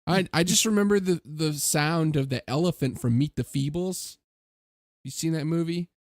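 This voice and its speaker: Young male co-host, higher-pitched, dry booth sound, joking chatter. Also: normal speed, dry recording. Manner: joking, drifts into silly impressions. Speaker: podcast co-host. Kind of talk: casual podcast chat.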